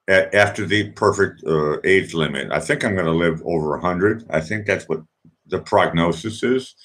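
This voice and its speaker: Man, fifties, low voice, very lively pitch, rambling late-night livestream host. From Boston, USA. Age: 50s. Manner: rambling and chatty, with many restarts and asides. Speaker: host of an online music request show.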